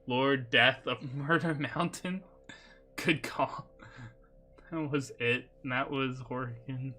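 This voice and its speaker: A man's voice: mid-range voice, fairly even intonation, slow, bright, forceful tone, a little hiss or hum. A man streaming a video game, chatting casually, joking and laughing often. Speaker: VTuber streamer. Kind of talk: casual gaming commentary.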